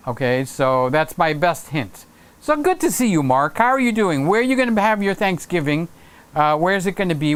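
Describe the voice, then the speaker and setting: Smooth-voiced excitable man chatting live. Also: high-pitched. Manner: excitable, jokey, lots of fillers. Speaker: livestream host. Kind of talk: casual livestream chat reading comments. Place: home room with Christmas tree set.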